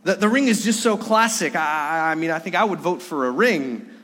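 A hesitant German-accented sports star who stammers and restarts as he talks, put on by a preacher. The voice sits a little high for a man and rings with long reverb, like a big church hall. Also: expressive, fairly quick, a bit bright. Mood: amused.

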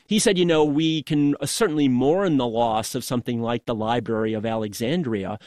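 A man's voice: mid-range voice, a little mellow, no room sound, studio quality. Man explaining as an interview guest. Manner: measured, explanatory. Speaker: author guest. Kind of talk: interview answers.

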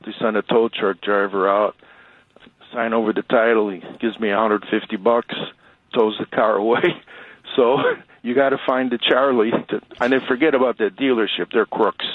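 A man from Chicago calls in to a radio show and tells a rambling, chatty story, often restarting his sentences. His voice sits low. The sound is tinny and dry, like a phone call. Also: fairly even intonation, normal speed, no echo. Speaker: radio caller. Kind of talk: casual storytelling.

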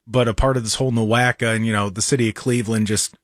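A man from hosting a radio talk show, with an animated, exasperated manner and frequent restarts. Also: on the low side, fast, dry recording, studio quality.

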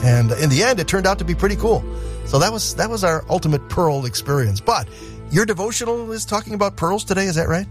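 Relaxed man hosting a radio show. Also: high-pitched, fast talker. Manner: relaxed, anecdotal. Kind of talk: casual radio chat. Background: loud music bed.

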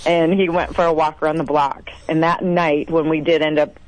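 A woman from South Dakota, a mayor, telling stories in a casual interview with animated, gushing energy. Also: normal speed, no echo, low-quality recording. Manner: animated, gushing, acts out quotes in a higher voice.

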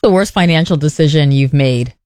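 A woman's voice: deep voice, brisk, loud music behind the voice. A woman co-hosting a radio talk show, chatty and sympathetic with callers. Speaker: radio co-host.

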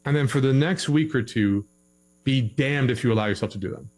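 A man's voice: medium pitch, fairly quick, a little mellow, poor audio. A young man giving relationship advice in a casual podcast conversation, acting out both sides of a couple's arguments in his stories.

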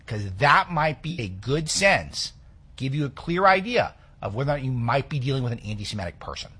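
A man's voice: medium pitch, very animated, a little fast, pushed and bright, husky. A man hosting a political talk radio show, delivering sarcastic, indignant commentary.

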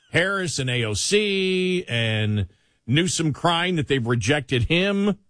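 Chatty radio host with a Buffalo accent. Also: male voice, fairly high pitch, animated, slow, fairly bright tone, no room sound. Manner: chatty, conversational, frequent "you know". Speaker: radio talk show host. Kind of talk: casual political talk radio.

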